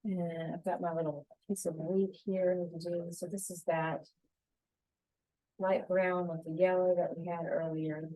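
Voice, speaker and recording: A woman teaching a painting tutorial, talking calmly and gently through each brushstroke. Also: fairly low pitch, measured pace, dry recording, rough recording. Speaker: painting instructor.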